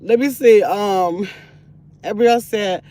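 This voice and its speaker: An older woman hosting a casual livestream from her phone in a parked car, chatty and excitable, reading comments aloud and turning from sweet to sassy. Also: mid-range voice, moderate pace. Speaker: livestream host reading chat.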